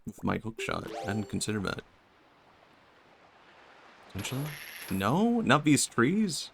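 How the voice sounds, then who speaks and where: A young man with a Swedish accent and vocal fry, chatting softly and musing aloud while streaming a game. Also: lowish voice, big pitch swings, a little slow, slight background noise. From Sweden. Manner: soft-spoken, musing, talks to chat. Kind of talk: casual game-stream chat.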